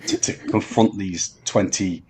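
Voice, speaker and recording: A man telling a long story on a podcast, halting with many ums and restarts. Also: deep voice, fairly even intonation, a little mellow, husky. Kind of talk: casual storytelling chat.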